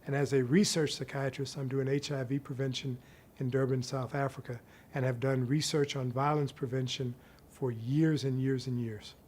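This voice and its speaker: A middle-aged man, a psychiatry professor, giving an instructional talk in a measured, explanatory way and slowing down to stress key points. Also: mid-range voice, flat delivery, a little mellow, slight background noise.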